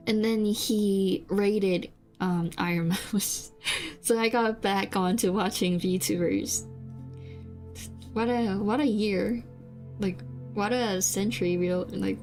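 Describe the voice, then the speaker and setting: Chatting on stream over faint background music, a young VTuber from South Korea, a native Korean speaker, rambles hesitantly, full of fillers and restarts. Her voice is medium in pitch, a little mellow, with a steady tone and slow pace.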